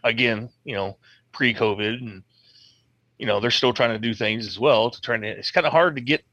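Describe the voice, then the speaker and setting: A man's voice: medium pitch, normal speed, sharp tone, dry recording, muffled recording. A man talking as a guest in casual podcast chat, earnest and loose, with lots of fillers and the odd swear word.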